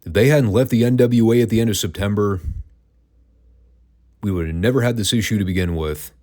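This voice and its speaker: Low-voiced sarcastic man reviewing. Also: brisk, a little mellow. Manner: dry, sarcastic. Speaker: wrestling podcast host. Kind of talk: casual retro review.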